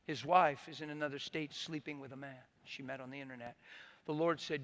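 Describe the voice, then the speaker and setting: A man's voice: fairly high pitch, fairly even intonation, moderate pace. A man pastor preaching a sermon, telling a story with emphasis and acting out the people in it.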